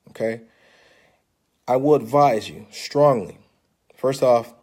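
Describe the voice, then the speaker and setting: An older man speaks straight into his phone camera in a relaxed, persuasive vlog. His delivery is salesy and coaxing, and he keeps nudging the listener along. His voice sits at an ordinary male pitch. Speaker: vlogger pitching an investment. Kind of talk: casual persuasive vlog talk.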